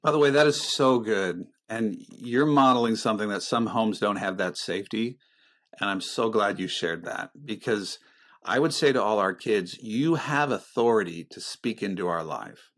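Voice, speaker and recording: A middle-aged man talking earnestly about faith and relationships, with a pastoral manner, often dropping into a soft, low voice. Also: normal speed. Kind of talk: reflective faith conversation.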